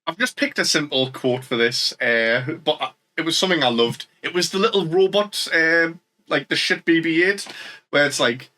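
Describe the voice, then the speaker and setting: A man's voice: a little high, sharp tone. A man with a northern English accent, co-hosting a podcast in a jokey casual chat and asking the others questions. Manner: asks the questions, jokey and quick to laugh. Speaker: podcast co-host.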